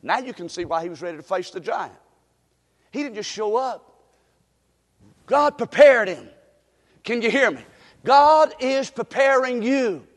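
Animated preacher in a reverberant hall. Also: male voice, normal speed, long pauses. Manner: animated preaching, swings from low asides to shouting. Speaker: pastor. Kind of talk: sermon.

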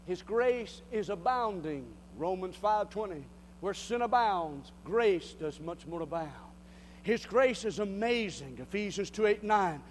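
A man preaching a fiery sermon, shouting and calling out to the congregation, then telling folksy jokes. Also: sits high, expressive, unhurried, slight background noise. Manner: shouting, call-and-response, rising to cries. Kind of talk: Pentecostal-style sermon. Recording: long reverb of a church hall.

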